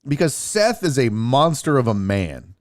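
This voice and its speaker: A man's voice: medium pitch, a little slow. A young man hosting his own show, telling road-trip stories in a casual, profane way and acting out what people said. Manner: profane, animated, acts out quotes. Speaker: podcast host. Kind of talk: casual storytelling.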